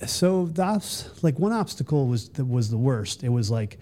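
A man's voice: mid-range voice, very animated, moderate pace, dark tone. A middle-aged American man, a guest, telling stories casually in a rambling, self-interrupting way, doing playful voices for others. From United States. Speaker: guest, Army veteran. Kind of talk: casual storytelling.

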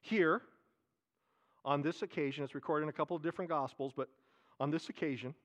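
Animated high-voiced male preacher. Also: brisk. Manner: animated preaching, repeats phrases, drops to soft asides. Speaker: pastor. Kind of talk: sermon.

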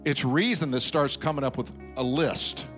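A man preaching a sermon as pastor, conversational, reading and acting out scripture, then dropping to quiet reflective tones. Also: mid-range voice, moderate pace, faint music behind.

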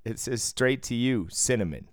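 A man's voice: medium pitch, lively intonation, normal speed, no echo, studio quality. A man co-hosting a podcast, telling stories in casual chat, laughing often and swearing freely. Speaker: podcast co-host.

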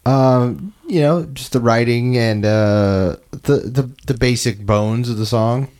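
A man's voice: medium pitch, a little mellow. A man talking casually as a podcast guest, stammering and filling his sentences with "like" and "um.". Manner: halting, stammers with many fillers. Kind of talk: casual chat.

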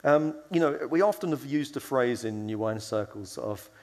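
In a large hall, a man with a mid-range, slightly mellow voice speaks at normal speed. He's a conference speaker preaching conversationally, telling stories, imitating the voices he quotes, and dropping in fillers and restarts.

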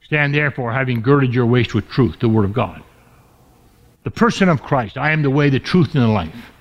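A man preaching a sermon as pastor, stretching key words slowly and dropping his voice low for emphasis. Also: animated. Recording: dull lo-fi recording.

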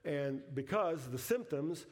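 A middle-aged man preaches a sermon in a fairly high voice. He tells his story plainly, then pushes his lines to emphatic peaks before sinking back to a hushed, quiet close. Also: lively intonation, slow. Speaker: pastor.

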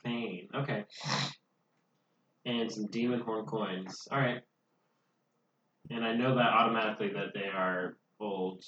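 A man's voice: lowish voice, fairly even intonation, measured pace, long pauses, bright, forceful tone, slight background noise. A man playing a tabletop game casually, joking and laughing often. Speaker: player. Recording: distant echoey muffled mic.

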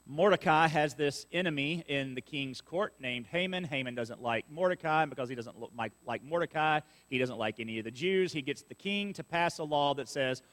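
A man's voice: mid-range voice, a bit bright. A male pastor preaching a sermon and reading scripture, with folksy, conversational asides. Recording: long reverb of a church hall.

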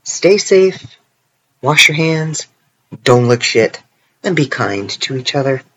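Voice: medium pitch, lively intonation, slow pace, a bit bright, slight background noise, poor audio. Canadian podcaster rambling through a casual solo episode. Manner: rambling and self-deprecating, joking asides, frequent ums. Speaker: podcast host.

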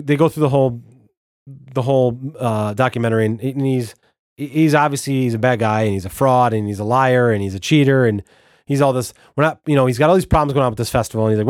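Male podcast host, middle pitch, salty and exasperated solo rant, dry close-mic read. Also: dry recording. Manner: profane, animated, exasperated rant with restarts.

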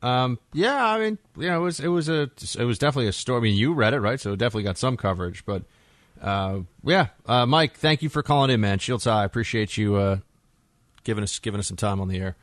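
A man hosting a talk radio show, telling stories in an animated, conversational way into a studio microphone. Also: mid-range voice, fast, no room sound.

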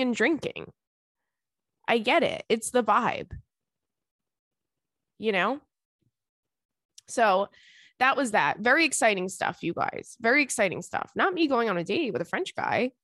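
A young woman hosting a podcast, telling a story in a chatty, animated way and laughing often. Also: fairly high pitch, no room sound. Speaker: podcast host. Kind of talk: casual storytelling to listeners.

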